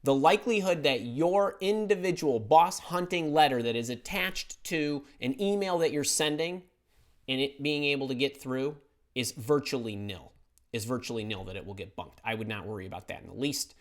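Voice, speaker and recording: A man's voice: mid-range voice, normal speed. A middle-aged man hosts a live question-and-answer stream, answering viewers off the cuff. He is blunt and emphatic, doubling back on words to stress a point. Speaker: career advice host answering viewer questions. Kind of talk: live-stream Q&A, casual and opinionated.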